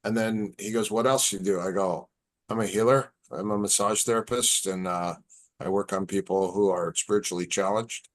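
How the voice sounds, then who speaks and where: A man's voice: lowish voice, normal speed. A man in casual podcast chat, telling stories and acting out the dialogue. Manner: relaxed storyteller, acts out quoted dialogue. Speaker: podcast guest.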